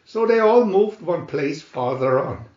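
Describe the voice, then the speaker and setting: A man reading a storybook aloud slowly and expressively. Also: on the high side, lively intonation, a little mellow. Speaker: storybook reader. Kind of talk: read-aloud storybook narration. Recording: roomy muffled home recording.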